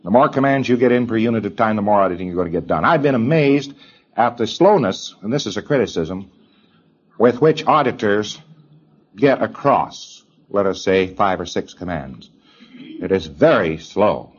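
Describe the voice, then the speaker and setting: A man's voice: fairly low pitch, animated, normal speed, slightly rough, lo-fi sound. A man lecturing trainees in an emphatic way, repeating his points and mimicking hesitant people as he talks.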